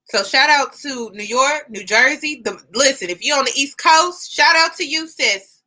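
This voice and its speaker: A woman hosting a live reaction stream, chatting casually and giving shout-outs to her viewers. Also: high-pitched, lively intonation, normal speed. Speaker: YouTube host reacting live.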